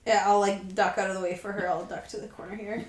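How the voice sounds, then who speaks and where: A woman playing a tabletop game, firing off quick, eager questions in a casual way. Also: mid-range voice, flat delivery. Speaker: player. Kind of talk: tabletop role-play chat. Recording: echoey room.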